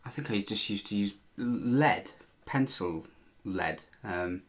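A man's voice: lowish voice, lively intonation, takes it slowly. A man talking casually as he works on a guitar, meandering and correcting himself with dry little jokes. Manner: chatty, meandering, self-correcting, dry joking. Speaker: vlogger restoring a guitar. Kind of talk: casual talk while working.

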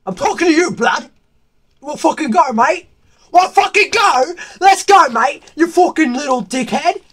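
A man voicing a brash, swearing young British man who shouts and picks fights with everyone. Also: very high voice, animated, measured pace, voice pushed up, heavily acted. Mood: belligerent. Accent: put-on British. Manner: shouting, crude, challenging everyone.

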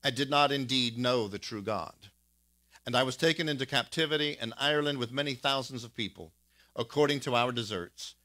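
A male pastor preaching a sermon in an animated, storytelling way, reading old quotations aloud with casual fillers. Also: mid-range voice, a little fast.

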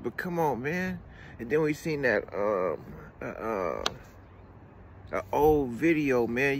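A man's voice: medium pitch, a little hiss or hum. A man ranting casually as a commentary vlogger, heated and profane, tagging lines with "man". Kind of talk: casual rant.

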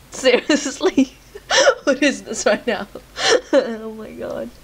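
A woman's voice: on the high side, husky. A young woman with a Lithuanian accent, a native Lithuanian speaker doing let's-play commentary, laughing, swearing and joking at the screen. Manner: loud, giggly, cursing, joking at the screen. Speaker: gamer.

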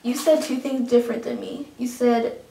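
A woman's voice: fairly high pitch, fairly even intonation, normal speed, vocal fry, mellow, slight background noise. A young woman vlogger chatting casually and reading a word list, giggling now and then. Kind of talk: casual chat. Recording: echoey room from far off.

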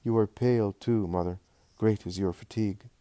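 A gentle, sorrowful Jesus, read by a man in a devotional storybook reading. The voice is low and dark, soft and measured in its tenderness. The sound is dry and close. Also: fairly even intonation, no echo, close to an everyday voice. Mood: tender. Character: Jesus, gentle grieving teacher, adult man.

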